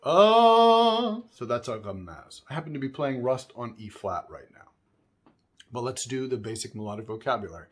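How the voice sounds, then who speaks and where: A man giving a spoken music lesson, explaining calmly between sung examples, with violin playing behind him. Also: fairly low pitch, slightly rough. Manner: unhurried, explanatory, breaks into singing syllables. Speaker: music teacher.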